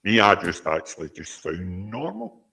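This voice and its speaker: A man's voice: low-pitched, huge pitch swings, moderate pace, vocal fry, pushed and bright, husky. A man in a casual group chat, cracking dry jokes.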